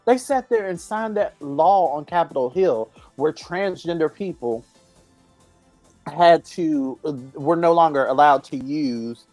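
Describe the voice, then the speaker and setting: A woman's voice: low-pitched, measured pace, darkish tone, dry recording, faint music behind. A woman co-hosting a casual talk show, ranting bluntly and with profanity about the news. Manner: ranty, blunt and profane, laughs easily. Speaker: podcast co-host. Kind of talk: casual opinionated chat.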